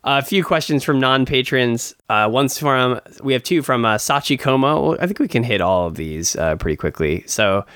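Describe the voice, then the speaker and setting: A man's voice: medium pitch, expressive, normal speed, few pauses, fairly bright tone, clear, resonant tone, no echo, clean studio sound. A man co-hosting a podcast in casual chat, rambling with many fillers and restarts. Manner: laughs often. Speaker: podcast co-host.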